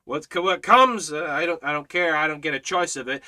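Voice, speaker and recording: A man teaching a Bible study with fiery, preacherly passion. His voice sits high and sounds bright and forceful. He swings from loud, driving exhortation down to hushed, urgent emphasis. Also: brisk, hardly any pauses.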